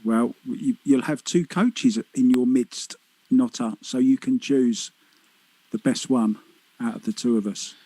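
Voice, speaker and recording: A man commentates on pool with a husky, mellow voice. He is chatty and teasing, quick to joke with his co-host. The sound is close and dry. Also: medium pitch, no echo, rough recording. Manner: chatty, teasing, laughs easily. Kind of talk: live sports commentary.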